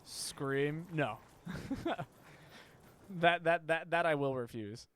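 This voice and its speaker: A man's voice: fairly high pitch, very slow, fairly bright tone, clean tone. Playful, stammering male game streamer. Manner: playful, stammering word repeats. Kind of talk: casual live-stream chat while gaming.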